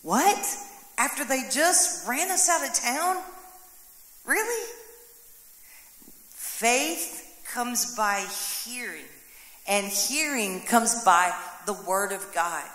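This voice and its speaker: A woman's voice: a little high, expressive, slow pace, fairly bright tone. A woman pastor preaching a sermon, voicing prayers and quotes dramatically. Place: church sanctuary. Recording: echoey hall with long reverb.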